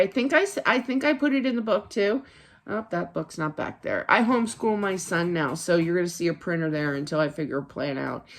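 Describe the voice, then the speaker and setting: Sitting at the desk in her home office, a woman psychic gives a casual spiritual card reading straight to camera in a lowish voice. She rambles and chats, full of fillers and restarts.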